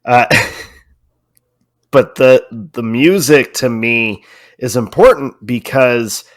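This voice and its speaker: A man's voice: medium pitch, very slow, no echo, studio quality. A man co-hosting a podcast in casual chat, teasing his co-host and speaking earnestly about what matters to him. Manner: teasing, then earnest and reflective.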